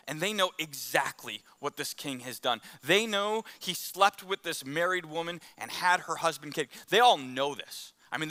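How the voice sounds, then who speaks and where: A pastor preaches a conversational sermon, telling stories and acting out the quotes within them. His voice is on the high side, bright and forceful.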